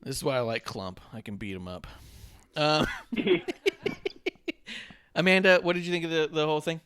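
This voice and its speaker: A man hosting a casual wrestling podcast, animated and swearing freely, often mocking himself. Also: fairly high pitch, moderate pace, smooth. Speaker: podcast host.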